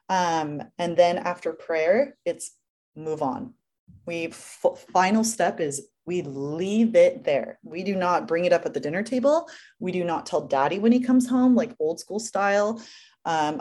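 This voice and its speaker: A young woman with a slightly low voice talks earnestly through a family routine, one step at a time. Her tone is casual and conversational, like a guest in an interview. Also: measured pace, warm tone. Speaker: guest mother.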